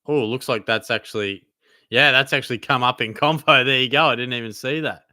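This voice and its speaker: A young Australian man hosts a live Q&A and reads chat questions aloud in loose, easygoing banter full of "mate". His voice is bright and crisp, and the recording sounds dry and close. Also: medium pitch, brisk, no echo. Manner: casual, laid-back banter with frequent mates and fillers. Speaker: host.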